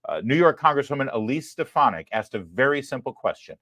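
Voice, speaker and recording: A man hosting a live political commentary show, talking in a sarcastic, emphatic way with quick apologetic asides. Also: mid-range voice, very animated, a bit bright, no echo, clean studio sound. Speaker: host.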